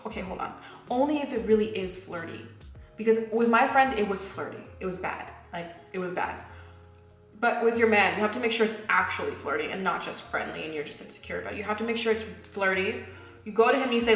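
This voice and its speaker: A woman's voice: mid-range voice, normal speed, a bit bright. A young woman giving blunt, candid relationship advice in a casual talk, swearing freely and acting out little exchanges. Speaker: advice giver. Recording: echoey room with faint music.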